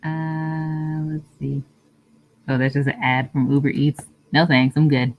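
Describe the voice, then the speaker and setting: Low-voiced woman chatting on stream. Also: flat delivery, measured pace, muffled recording, soft background music. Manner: chatty, answers viewer comments, laughs often. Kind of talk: casual live-stream chat.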